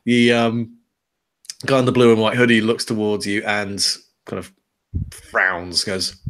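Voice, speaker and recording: Hombre inglés de voz grave, narrador de rol. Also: male voice, lowish voice, level tone, measured pace, a bit bright. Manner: casual, rambling, many fillers. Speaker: game master. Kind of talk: narrating a tabletop game.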